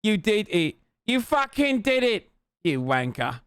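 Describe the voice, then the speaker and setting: A young man in casual reaction commentary, profane and incredulous, sneering at what he watches. His voice sits high and comes through smooth and resonant. The recording is close and dry, with no room sound. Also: sing-song, unhurried, fairly bright tone, dry recording. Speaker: streamer reacting to a TV show.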